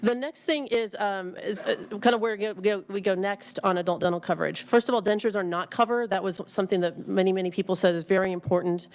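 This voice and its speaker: A woman giving formal testimony to a legislative committee as an executive director. She rushes, with frequent ums and restarts. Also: medium pitch, fairly even intonation.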